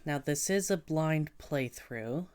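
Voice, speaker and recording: Woman game streamer, casual chat, very low voice, slow and easygoing, noisy desk mic. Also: lively intonation, a little mellow. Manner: chatty, thinks aloud, greets viewers. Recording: noisy home stream audio.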